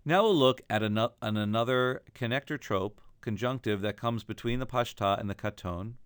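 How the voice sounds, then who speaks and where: A man teaching a recorded lesson, explaining calmly and then chanting the examples himself. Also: medium pitch, normal speed, clear, resonant tone, no echo, clean studio sound. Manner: alternates plain explanation with chanting. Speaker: cantillation teacher.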